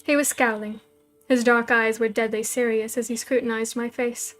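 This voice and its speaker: A woman storyteller reading a novel aloud, in measured, even first-person narration. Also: a little high, faint music behind.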